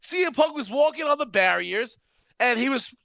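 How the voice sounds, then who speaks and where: A man's voice: extremely high pitch, expressive, normal speed, gravelly, bright, forceful tone, no room sound. A man hosting a casual wrestling podcast, ranting in an exasperated tone and laughing often. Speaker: podcast host.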